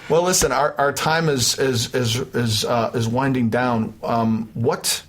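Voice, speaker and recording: A man's voice: mid-range voice, unhurried. A man hosting a casual voice-acting interview, who is also a voice actor, upbeat and encouraging, laughing often. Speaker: podcast host, voice actor.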